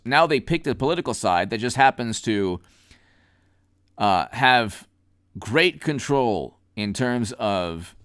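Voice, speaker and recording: A man hosts a political commentary stream off the cuff. His smooth, resonant voice sits at an ordinary pitch, and he rambles and stresses points emphatically. The sound is dry and close. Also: dry recording. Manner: rambling, emphatic, with frequent restarts; reads out viewer names and thanks them. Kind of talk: unscripted political commentary livestream.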